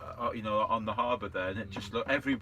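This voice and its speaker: Bloke rambling through a story, bright sharp voice, faint noise behind. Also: male voice, lowish voice. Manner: rambling, halting anecdotes with restarts. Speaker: livestream co-host. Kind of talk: casual storytelling chat. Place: indoors, in a vehicle.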